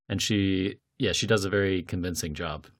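A man hosting a podcast in casual chat, thoughtful and measured, laughing between points. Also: deep voice. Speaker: podcast host.

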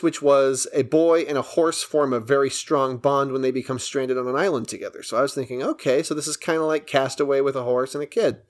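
A man co-hosting a film podcast, eagerly recapping a movie's plot in casual chat. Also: on the high side. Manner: enthusiastic, recaps plot at length. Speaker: podcast co-host.

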